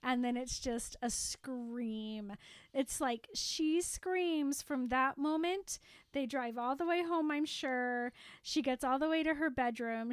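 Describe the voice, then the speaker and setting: A woman's voice: high-pitched, clear, resonant tone, no room sound, studio quality. A woman co-hosting a casual chat, retelling a movie scene in a chatty way. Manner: chatty, laughs while retelling.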